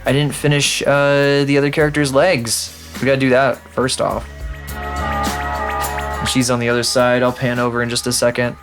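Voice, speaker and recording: A man talks casually into a desk microphone at his home streaming setup, rambling and self-deprecating as he scolds his own programs. His voice sits at an ordinary middle pitch. Soft music plays faintly underneath. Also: monotone, normal speed. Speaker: live streamer. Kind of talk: casual live-stream chat.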